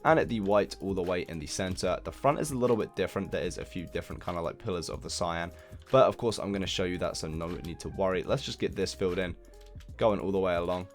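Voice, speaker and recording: A young man hosting a building game tutorial, chatting casually and poking fun at himself while counting blocks out loud. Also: sits low, fast talker, faint music behind. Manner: chatty, self-deprecating, counts blocks aloud. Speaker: Minecraft building tutorial host. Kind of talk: casual gameplay tutorial commentary.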